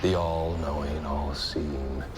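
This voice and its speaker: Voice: rumbling low, steady tone, slow pace. An actor playing a cold, devout archangel in a TV drama, solemn and formal. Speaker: character in a TV drama.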